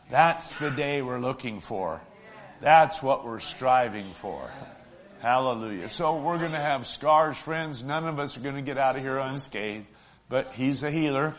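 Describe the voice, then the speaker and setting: A man preaching a sermon, talking in a folksy way to the congregation and swinging between loud, stretched-out lines and soft, hushed ones. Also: medium pitch, a little slow. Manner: emotional, swells loud then drops soft; folksy, asks the congregation "right?".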